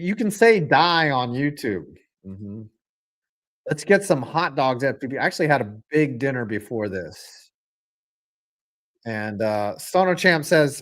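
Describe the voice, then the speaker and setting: A man's voice: a little high, a little slow. A young man streaming a live football game, calling plays, reading chat and cracking crude jokes. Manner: jokey, profane, swings from flat mutters to excited outbursts. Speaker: streamer and sports commentator.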